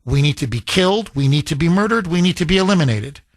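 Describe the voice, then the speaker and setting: A talk radio host, a man, rants with scorn and hammering repetition. His voice sits a bit high and swings widely in pitch. The studio sound is dry and close. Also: expressive, quick pace, dry recording. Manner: heated, scornful, emphatic repetition. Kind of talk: combative talk radio monologue.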